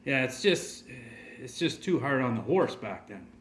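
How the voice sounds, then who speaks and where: A man's voice: mid-range voice, big pitch swings, unhurried, fairly bright tone. Man playing old farmer, folksy and plainspoken, rambling talk, echoey room, faint background hum.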